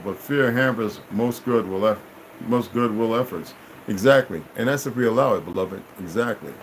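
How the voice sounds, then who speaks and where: A man's voice: medium pitch, slight background noise, low-quality recording. A middle-aged man telling a long personal story as a vlogger, in a rambling, profane, emphatic way. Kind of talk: casual storytelling monologue.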